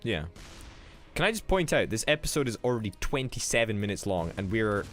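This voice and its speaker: A man co-hosting a let's play, chatting casually while gaming, animated, laughing easily and swearing freely. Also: fairly low pitch, fairly quick, soft background music.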